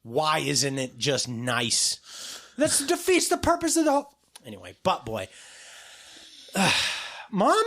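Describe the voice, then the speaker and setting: A male podcast co-host in casual conversation about a film. His pitch swings widely as he rambles, and he often breaks into quick impressions of other people. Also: big pitch swings, fairly bright tone. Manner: rambling, with frequent restarts and mimicked quotes. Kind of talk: casual chat.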